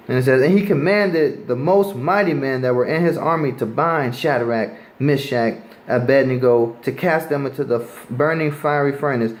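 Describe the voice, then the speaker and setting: A man's voice: mid-range voice, a little hiss or hum, low-quality recording. Emphatic man teaching from scripture. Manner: emphatic, rhetorical questions, reads verses aloud with rising emphasis. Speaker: Bible teacher.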